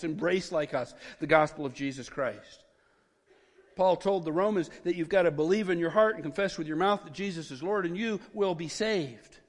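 A man preaching a sermon as pastor, getting excited and repeating words as he builds up. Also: sits high, long reverb tail.

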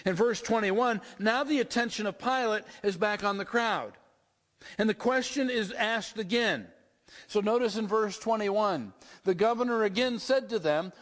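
High-voiced preacher in a reverberant hall. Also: male voice, moderate pace. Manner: vivid second-person storytelling, repetitive build-ups. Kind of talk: sermon.

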